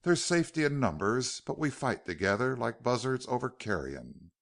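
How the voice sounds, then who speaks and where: A male narrator voicing a bitter, mocking outlaw leader who talks low and hard in an audiobook. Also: sing-song, normal speed, gravelly.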